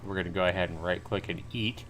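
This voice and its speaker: A man with a fairly low voice, commentating on a game he is playing live. He reads the on-screen text aloud and throws in casual exclamations and remarks to his viewers. A faint hiss of background noise sits under his voice. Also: steady tone, quick pace, a bit bright.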